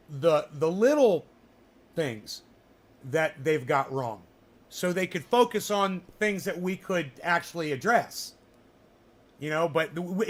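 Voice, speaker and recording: A man hosting a livestream, talking in a rambling, profane, sarcastic rant. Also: high voice. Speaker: livestream host. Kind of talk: casual ranting livestream chat.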